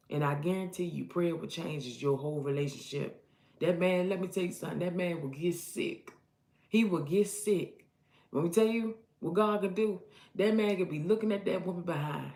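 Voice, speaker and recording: A woman preaching prophetic advice in an emphatic way, repeating her points and growing loud when she exhorts. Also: lowish voice, roomy sound. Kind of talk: impassioned street-style preaching.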